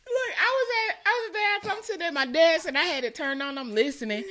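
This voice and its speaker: Lively-voiced woman on a noisy track. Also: very high voice, quick pace. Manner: lively, laughing, joking. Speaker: podcast co-host. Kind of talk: casual chat.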